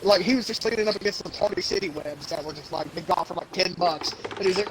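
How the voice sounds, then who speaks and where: A man's voice: sits high, quick pace. A young man hosting a podcast, rambling through crude stories in casual banter and putting on silly voices as he tells them. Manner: rambling storyteller, mimics voices, laughs a lot. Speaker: podcast host. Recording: noisy background.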